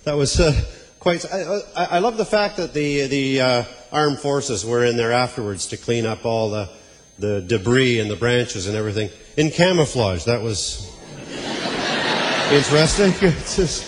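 A man's voice: mid-range voice, animated, normal speed. A man doing stand-up comedy, rambling and wry with stammering asides. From Canada. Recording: live hall with audience noise.

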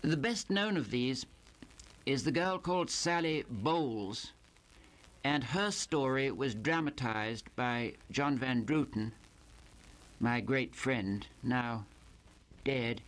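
Measured older male author reading aloud. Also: medium pitch, a bit bright. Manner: measured, with hesitant pauses. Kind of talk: reading from his own book.

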